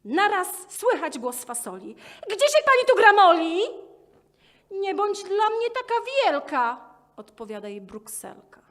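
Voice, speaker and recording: A woman recites a poem slowly and playfully, giving each character its own voice. Her voice is high and swoops widely, and it carries from a distance through a reverberant hall. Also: very animated, fairly bright tone. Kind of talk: expressive poetry recital.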